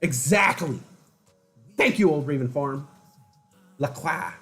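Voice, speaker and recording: Faint music sits behind this man as he talks to his livestream viewers at a normal speed, medium in pitch and lively in intonation. He rambles through stories casually, imitating other people's voices.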